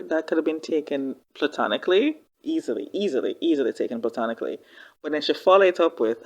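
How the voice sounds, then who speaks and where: A woman hosts a reaction video in a casual, heartfelt way, often exclaiming and repeating her words. Her voice sits somewhat low. She swings between gushing and frustrated commentary. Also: brisk, a little mellow.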